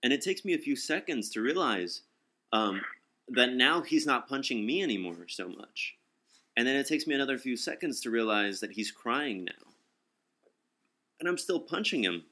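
A young man in casual talk, telling a story. He is animated, acts out quotes and swears freely. His voice sounds bright and tense. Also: medium pitch, normal speed.

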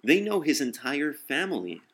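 A young man telling a personal story in casual talk, blunt and profane, often halting and restarting. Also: fairly high pitch, big pitch swings, a bit bright. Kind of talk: casual spoken anecdote.

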